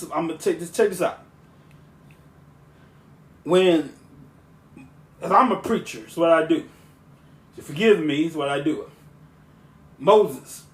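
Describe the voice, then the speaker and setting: A man hosting a podcast and speaking as a preacher, with a smooth, monotone, relaxing voice; he talks in a rambling way, often restarting his sentences. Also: a little high. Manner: rambling, with frequent restarts and asides. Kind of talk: casual podcast talk.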